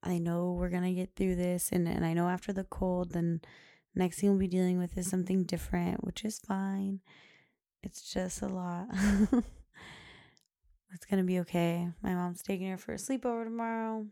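Young mom rambling on her podcast, gravelly voice, kinda dark and mellow. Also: lowish voice, level tone, moderate pace. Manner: rambling, chatty, lots of "like" and "you know". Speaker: podcast host. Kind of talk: casual chat.

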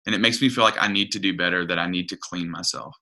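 A man's voice: deep voice, fairly even intonation, fast, pushed and bright. A man giving a conversational sermon, earnest and retelling a story with frequent restarts and hesitations. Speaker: preacher.

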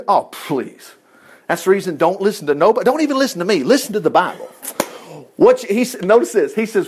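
A man's voice: fairly quick, breathy edge. A middle-aged man preaching casually from scripture, joking and acting out the quoted lines. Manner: animated, jokey, acts out quoted lines with sudden pitch jumps. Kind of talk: conversational sermon, reading and commenting on scripture.

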